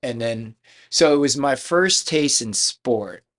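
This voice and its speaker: A man's voice: mid-range voice, lively intonation, slow, fairly bright tone. A middle-aged man from Philadelphia, a karate school owner, telling his life story as a podcast guest in a chatty, rambling way with many restarts. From Philadelphia, United States. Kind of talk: casual storytelling interview.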